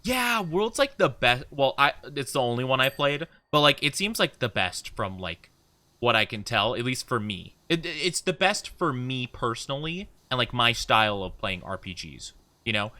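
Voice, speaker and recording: Chatty streamer greeting raiders, bouncy and bright, dry desk mic sound. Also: medium pitch, big pitch swings, normal speed, no echo. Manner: bubbly, greets viewers warmly by name. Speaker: streamer, VTuber host. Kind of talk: casual live-stream chat.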